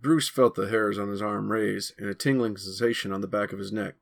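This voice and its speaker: A man's voice: fairly low pitch, fairly even intonation, fairly quick, vocal fry. Man reading his own novel aloud. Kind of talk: audiobook-style narration.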